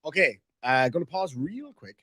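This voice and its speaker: A man's voice: a little high, big pitch swings, moderate pace, very noisy. An Irish man hosting a casual stream, reading member messages aloud in a joking, crude, rambling way. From Ireland. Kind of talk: casual reaction stream chat.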